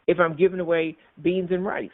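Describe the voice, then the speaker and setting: A man's voice: high-pitched, level tone, a little fast, no room sound. Man preaching over a tinny line. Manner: repetitive, emphatic preaching with restarts. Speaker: minister. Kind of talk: sermon. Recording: tinny phone-like sound, dry.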